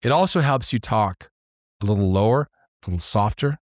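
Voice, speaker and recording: A man's voice: on the low side, fairly quick, no echo. Earnest man in a dry, close room. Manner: earnest, explains step by step with numbered points; excitable at times. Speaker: podcast host. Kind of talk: solo podcast talk on leadership.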